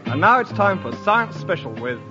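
A man's voice: high voice, big pitch swings, normal speed. A man announcing and acting in radio sketch comedy with a plummy announcer delivery. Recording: dull old radio recording with music.

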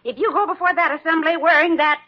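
An actress playing a determined, bossy head nurse in a radio play, scolding and teasing sharply. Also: female voice, very high voice, fairly even intonation, fast talker. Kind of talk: 1940s radio acting. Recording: dull old radio broadcast recording.

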